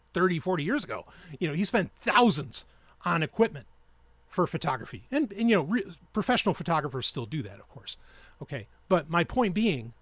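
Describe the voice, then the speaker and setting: A man's voice: fairly high pitch, a bit bright, dry recording. A man hosting his own podcast, ranting in a heated, profane and sarcastic way. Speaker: podcast host. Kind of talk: ranting solo podcast talk.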